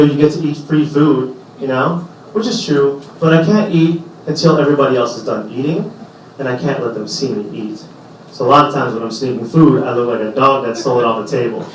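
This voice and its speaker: A man performing a stand-up comedy set in a small club, talking conversationally and slipping into quick impressions of the people in his stories. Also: mid-range voice, a little hiss or hum. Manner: conversational, acts out characters in quick bursts. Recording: roomy echo from a distant mic.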